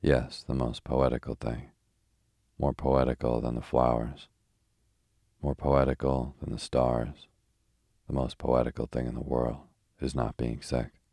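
Young poet, argumentative and ironic, read by a man; very deep, dry sound. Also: level tone, a little slow, creaky, no room sound, heavily acted. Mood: irritable. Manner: irritable, grim, then gently ironic.

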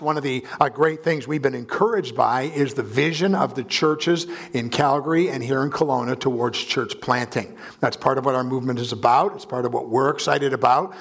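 A man's voice: mid-range voice, a bit bright. Earnest male pastor, guest sermon. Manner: earnest, many filler uhs and ums. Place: church sanctuary.

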